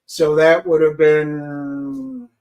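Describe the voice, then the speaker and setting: Man, co-host, high voice, teasing, joking, casual rambling chat. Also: big pitch swings, very slow, gravelly, a little mellow.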